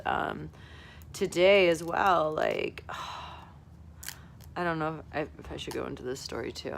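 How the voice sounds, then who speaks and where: Over a little hiss or hum, a woman with a lowish voice and vocal fry rambles through a casual, confessional vlog. She's effusive, uses "like" heavily, and often laughs as she speaks.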